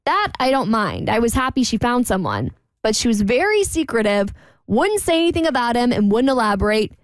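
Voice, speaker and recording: A woman co-hosting a radio talk show, reading a listener's letter aloud in a lively, chatty way. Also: fairly high pitch, a little fast, dry recording. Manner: lively, chatty, laughs between lines.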